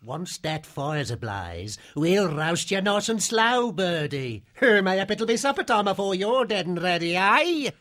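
A man voicing a cruel, boastful male rat gang chief who taunts in a coarse, rough dialect for a storybook reading. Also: high voice, big pitch swings, unhurried, few pauses, fairly bright tone, pitched above the performer's own voice, exaggerated voice. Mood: taunting. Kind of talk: audiobook character voice.

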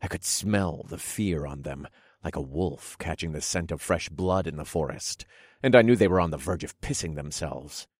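Deep-voiced man narrating dark fantasy. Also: normal speed, slightly rough, dry recording, clean studio sound. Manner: dramatic, dark storytelling. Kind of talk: audiobook narration.

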